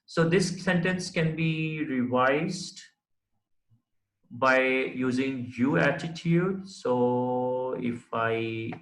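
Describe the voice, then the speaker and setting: Speaking very slowly in a medium-pitched, slightly bright voice, a man explains formal letter writing step by step while writing on the board. It's a recorded classroom lecture full of fillers and "right?" checks, in an echoey room with poor audio.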